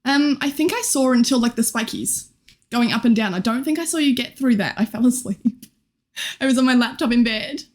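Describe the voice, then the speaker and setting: A woman's voice: fairly high pitch, expressive, moderate pace. A young woman streaming live, chatting casually and greeting viewers, giggly and scattered, her voice a little worn. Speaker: Twitch streamer.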